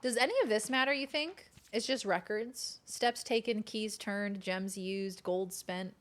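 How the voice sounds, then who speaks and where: A woman's voice: medium pitch, fairly even intonation, measured pace, a bit bright, a little hiss or hum. A woman streaming a game in casual, chatty commentary, now and then cooing baby talk at her kitten.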